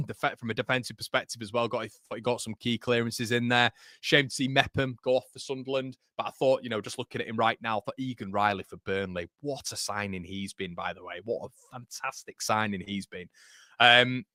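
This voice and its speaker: A young football channel host runs a live match watchalong, chatting casually and reading viewer comments, often repeating words and restarting. His medium-pitched voice is bright, forward, and brisk, recorded dry and close, and he sounds tired after hours of streaming.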